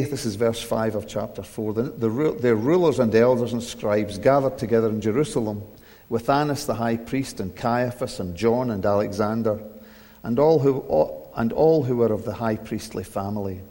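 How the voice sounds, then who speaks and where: A man's voice: mid-range voice, moderate pace, dark tone. A middle-aged male pastor giving a conversational, self-deprecating sermon and reading scripture aloud in a church. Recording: long reverb of a church hall.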